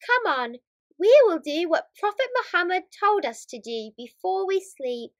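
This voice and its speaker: Woman doing a soft, soothing storybook mother. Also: very high voice, sing-song, unhurried, no echo, exaggerated voice. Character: gentle patient mother soothing her son.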